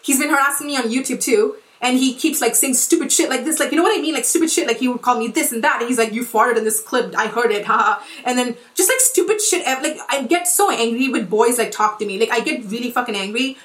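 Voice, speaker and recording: A woman's voice: high-pitched, fast, hardly any pauses, distant mic. A woman in her twenties ranting in casual podcast talk, emphatic and profane, full of likes and restarts. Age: 20s. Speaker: podcast host and influencer. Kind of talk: heated casual rant. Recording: roomy echo.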